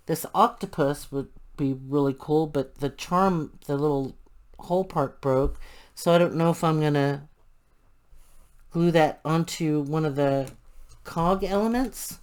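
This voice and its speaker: A woman's voice: deep voice, darkish tone. An older woman chatting casually and thinking aloud as she works through a craft tutorial. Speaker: crafting channel host.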